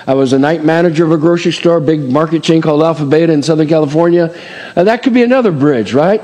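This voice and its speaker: A man's voice: fairly high pitch, fast, mellow. A middle-aged male pastor preaching a conversational sermon, full of asides and rhetorical "amen?" and "right?" checks. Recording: long hall reverb.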